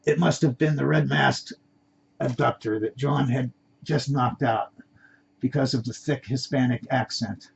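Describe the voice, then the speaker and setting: A man's voice: medium pitch, fairly even intonation, measured pace, vocal fry, lo-fi sound, slight background noise. A man reading his own story aloud in a plain amateur way, with stumbles and restarts.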